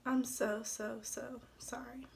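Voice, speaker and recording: A woman reading the lines of a husband who shouts and begs in a story read aloud. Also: fairly high pitch, steady tone, unhurried, natural voice. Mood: pleading. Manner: pleading, raised voice. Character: angry then remorseful husband, adult man.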